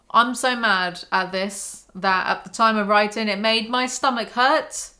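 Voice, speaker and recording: A woman's bright, forward voice cuts through her reading of a bad novel. She keeps breaking off into sarcastic, exasperated commentary. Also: mid-range voice, fairly even intonation, unhurried, few pauses. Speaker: YouTuber.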